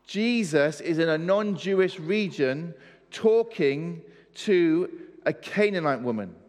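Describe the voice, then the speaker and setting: Male preacher, slightly high voice, emphatic and questioning, church-hall reverb. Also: lively intonation, slow, a little mellow. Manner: emphatic, asks the audience questions. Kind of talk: sermon.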